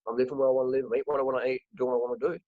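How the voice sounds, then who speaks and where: A man's voice: medium pitch, little pitch movement, very fast, no echo. A man hosting a casual chat, talking frankly and rambling with frequent restarts. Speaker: host. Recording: dry, dull lo-fi sound.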